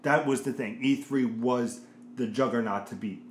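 A man's voice: mid-range voice, moderate pace. A man co-hosting a casual gaming chat, rambling and searching for words as he talks. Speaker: podcast co-host. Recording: echoey room, faint noise.

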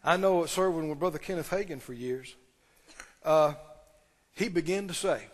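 A man delivers a sermon in a notably high voice, pressing his points by repeating them and asking the congregation direct questions. His voice rings with the long reverb of a large meeting hall. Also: normal speed. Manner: emphatic, repeating key phrases and questioning the audience. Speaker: pastor.

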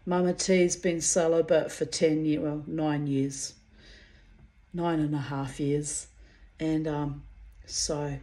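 A woman's voice: deep voice, darkish tone. A middle-aged woman giving a casual personal oracle reading, rambling and heartfelt, calling her listeners darlings and babies. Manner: rambling and heartfelt, repeats words. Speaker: oracle card reader.

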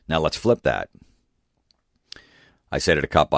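A man's voice: very deep voice, very animated, normal speed, pauses often, no echo, studio quality. A middle-aged man hosting a podcast, ranting and swearing about couples he sees at his stand-up shows. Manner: profane, ranting, acts out hecklers in mocking voices. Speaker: comedian and podcast host. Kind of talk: casual podcast monologue.

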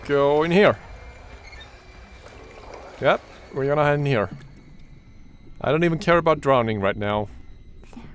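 A man with a deep voice narrates his way through a horror game, swearing freely and talking to himself as he goes. His pitch swings widely between low mutters and sharp yelps, and he speaks slowly. A faint noise sits under his voice. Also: lively intonation. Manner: swearing, jumpy, talks to himself. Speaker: gaming YouTuber. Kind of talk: horror game let's play commentary.

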